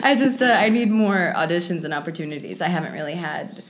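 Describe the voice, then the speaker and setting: Lively woman, a guest actress. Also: fairly low pitch, fast talker, over a noisy crowd. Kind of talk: casual podcast chat.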